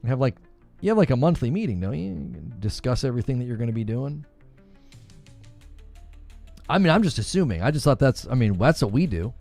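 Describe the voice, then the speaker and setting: A man's voice: mid-range voice, big pitch swings, brisk, vocal fry, pauses often, darkish tone, soft background music. A man hosting a livestream, chatting casually and joking with his chat, laughing often and reading comments aloud. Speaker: livestream host.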